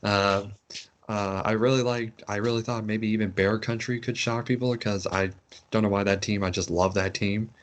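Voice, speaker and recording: A man's voice: lowish voice, fairly even intonation, moderate pace, a little hiss or hum. A man co-hosting a casual podcast, rambling and teasing his co-host. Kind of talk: casual chat.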